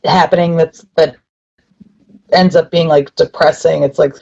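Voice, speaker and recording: A woman's voice: deep voice, fairly even intonation, unhurried, creaky, dark tone. A woman talking casually in an interview about her band, rambling with lots of fillers and now and then a swear word. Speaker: band member guest. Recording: muffled lo-fi sound.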